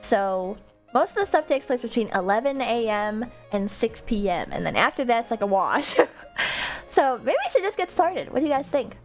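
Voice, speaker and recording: A woman's voice: fairly high pitch, sing-song, normal speed, soft background music. A woman streamer chatting casually with her viewers, rambling into tangents and laughing often.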